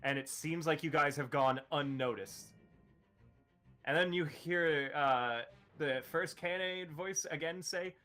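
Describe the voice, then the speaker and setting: A man's voice: fairly high pitch, takes it slowly, pushed and bright, soft background music. A man narrating as game master, explaining rules with lots of fillers.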